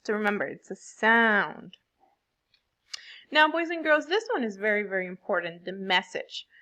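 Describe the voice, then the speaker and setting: A woman teaching a fourth grade class, explaining slowly and stressing words for young pupils. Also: medium pitch, sing-song, sharp tone, low-quality recording. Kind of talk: online classroom lesson.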